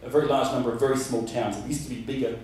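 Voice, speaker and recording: A man's voice: mid-range voice, fairly even intonation, racing, a little mellow, distant mic, slight background noise. Man presenting in a roomy hall. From Australia. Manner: rambling, many fillers and restarts. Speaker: conference presenter. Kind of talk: conference presentation. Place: conference room.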